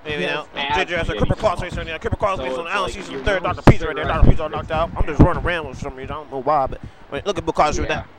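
A man's voice: a little high, rapid-fire, low-quality recording. A man commentating a wrestling video game in a rowdy comedic way, yelping, cursing and groaning in mock pain. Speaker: gamer commentating a wrestling game as his character. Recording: loud crowd noise behind.

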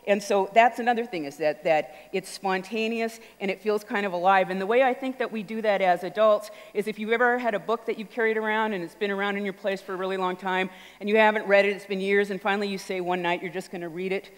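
A woman speaks at a mid pitch in an animated, storytelling stage talk, acting out little voices as she goes. Her voice carries through a large auditorium with a long, ringing reverb. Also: fast, few pauses. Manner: animated, acts out voices and sounds.

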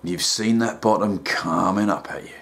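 A man voicing a gruff middle-aged London rehab counselor who talks down in a deadpan, patronizing way. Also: moderate pace. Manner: low, deadpan and patronizing, calls everyone son. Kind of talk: sketch comedy voice acting.

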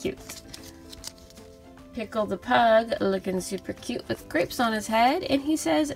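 A young woman narrates a toy unboxing in a soft, cooing voice, gushing over every cute little toy. Her voice sits a little high and has a gravelly fry at the ends of phrases. Faint music plays underneath. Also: slow, long pauses.

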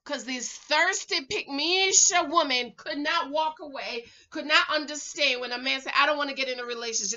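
Sassy middle aged lady recapping reality tv, sharp bright voice, yells a lot, kinda muffled recording. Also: sits high, normal speed, hardly any pauses. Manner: animated and sassy, breaks into loud exclamations. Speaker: reality show recap host.

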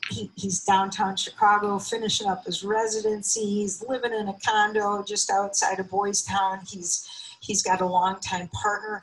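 A woman in her fifties telling a personal story on stage, emotional and heartfelt, her voice often jumping high. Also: low-quality recording. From United States. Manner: emotional, heartfelt, with sudden high pitch lifts.

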